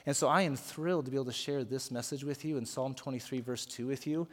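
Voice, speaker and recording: A man's voice: mid-range voice, quick pace, in a large hall. A man preaching a sermon as pastor, earnest and emphatic, leading prayer and guiding the congregation. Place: worship center.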